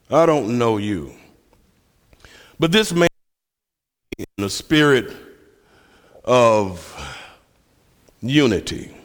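Preacher, man, telling stories with a self-mocking humor; long hall reverb around him. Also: mid-range voice. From Memphis, USA. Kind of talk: sermon.

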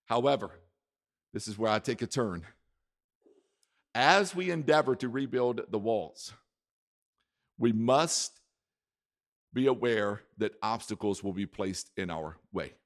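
A pastor preaching a sermon, emphatic and repeating his key words, with volume that swings from soft to loud. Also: lowish voice, expressive, slow pace, pauses often. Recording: echoey hall reverb.

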